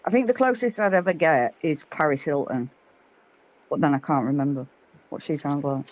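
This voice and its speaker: A woman's voice: deep voice, normal speed, a little mellow. A woman from England with a South Yorkshire accent, a guest chatting casually on a live panel and teasing the others. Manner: laughing, teasing banter. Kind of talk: casual chat.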